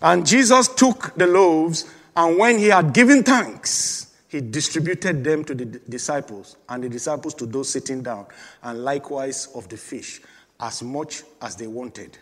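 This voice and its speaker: Male pastor, emphatic sermon delivery with call-and-response, slightly high voice, long hall reverb. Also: measured pace, fairly bright tone. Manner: emphatic preaching with repeated calls and congregation prompts.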